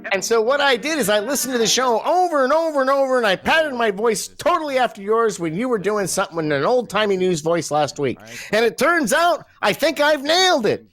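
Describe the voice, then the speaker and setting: A man's voice: extremely high pitch, sing-song, fairly quick, few pauses, fairly bright tone, soft background music, full character voice. A man playing a self-important male newsman from Prague, in a pompous old-timey news voice. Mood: boastful. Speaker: podcast co-host.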